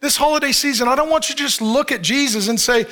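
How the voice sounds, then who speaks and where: A man's voice: very high voice, fast, pushed and bright. A man preaching a conversational sermon in a church, with rhetorical questions, asides and humor. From Arizona, United States. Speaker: pastor.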